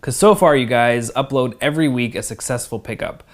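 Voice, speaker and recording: A man's voice: mid-range voice, fairly quick. Frank young man giving advice. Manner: frank, direct, reads questions aloud then answers. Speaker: host answering viewer questions. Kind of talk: casual Q&A advice.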